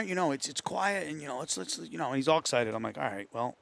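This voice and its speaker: A man's voice: on the high side, animated, normal speed, vocal fry, fairly bright tone. A man with a New England accent telling a hunting story in casual talk among friends, acting out the voices of others. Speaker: host. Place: hunting camp.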